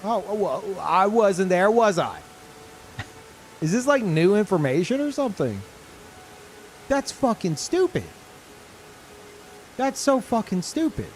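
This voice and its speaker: A man's voice: high voice, sing-song, a little slow, pauses often, slight background noise. A man streaming a game live, reacting in disbelief, swearing often and laughing a lot. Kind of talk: live gameplay commentary.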